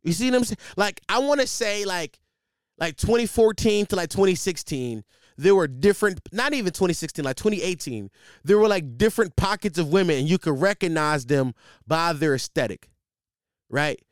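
Guy riffing on a podcast, rambly and animated, pitch all over the place, smooth clear voice, dry close sound. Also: moderate pace, no room sound. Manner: animated, rambling, lots of fillers and repeats. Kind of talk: casual comedic monologue.

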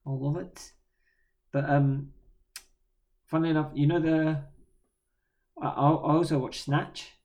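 Gravelly, mellow-voiced man chatting. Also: fairly high pitch, flat delivery, a little slow, pauses often. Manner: laid-back, swears casually. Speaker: podcast co-host. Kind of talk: casual chat.

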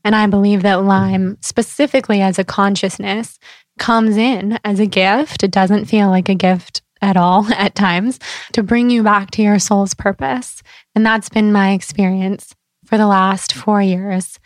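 A woman's voice: mid-range voice, steady tone, a little slow, no echo. A woman guest speaking earnestly and reflectively in a casual interview. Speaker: podcast guest.

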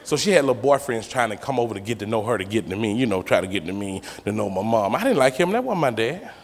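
Male comedian doing stand-up, lively swooping voice, big reverberant club, crowd loud behind him. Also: fairly low pitch, quick pace. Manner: animated storytelling, slangy, acts out characters. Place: comedy stage before a live audience. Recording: live club hall with crowd noise. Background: audience laughter.

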